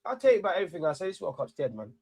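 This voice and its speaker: Guy doing a live footy watch-along, high voice, rants a lot, swears, dry close sound. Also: racing, slightly rough, dry recording. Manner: ranting, excitable, swears freely.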